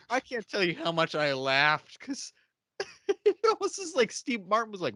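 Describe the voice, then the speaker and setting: A man's voice: high voice, huge pitch swings, takes it slowly, long pauses, pushed and bright, no room sound. A young man hosting a podcast, chatting casually and laughing often as he acts out characters' lines. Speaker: podcast host. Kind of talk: casual chat recapping a TV episode.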